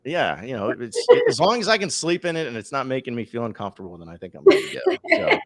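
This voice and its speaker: A man's voice: medium pitch, very animated, fast talker, crowd noise. Rambling male sports podcast host. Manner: rambling, many fillers and restarts. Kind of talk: casual sports podcast chat.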